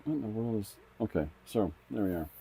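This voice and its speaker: Middle-aged male comic artist, deep relaxed voice, casual rambling live-stream chatter. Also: brisk, creaky, breathy edge. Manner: rambling, thinks aloud with frequent restarts. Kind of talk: casual live-stream chat while drawing.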